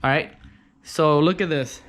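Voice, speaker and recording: A man's voice: on the high side, measured pace, fairly bright tone, slight background noise. Exasperated man showing off a scooter. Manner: frustrated, swears mildly, repeats himself. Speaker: scooter mechanic. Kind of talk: casual vlog demonstration. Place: home garage.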